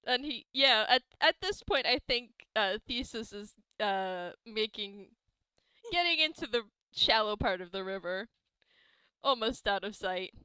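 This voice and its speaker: A woman's voice: mid-range voice, animated, a little slow, pushed and bright, smooth, dry recording, poor audio. A woman narrating as game master of a tabletop role-playing game, casual with many fillers and frequent laughs.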